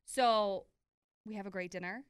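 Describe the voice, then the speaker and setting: A young woman co-hosting a casual chat, telling a story with lively acted-out quotes. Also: unhurried, clean tone, dry recording, studio quality. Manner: animated storyteller, acts out quotes with big pitch jumps.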